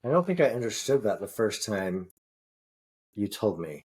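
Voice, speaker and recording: Man podcast co-host and tarot reader, thoughtful and unhurried. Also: on the low side, sing-song, a little mellow. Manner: thoughtful, musing, short affirmations. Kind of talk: casual chat, interpreting a dream.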